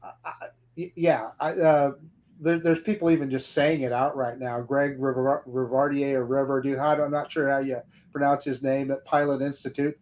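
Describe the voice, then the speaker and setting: A man's voice: medium pitch, a little mellow. A man as a guest on a live-stream talk panel, speaking casually and bluntly with stumbling restarts.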